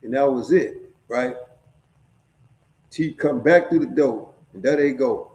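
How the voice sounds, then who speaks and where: Warm-voiced man telling street stories. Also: mid-range voice, takes it slowly. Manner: profane, streetwise, keeps checking in with "right?". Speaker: storyteller sharing prison stories. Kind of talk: casual storytelling. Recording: echoey room.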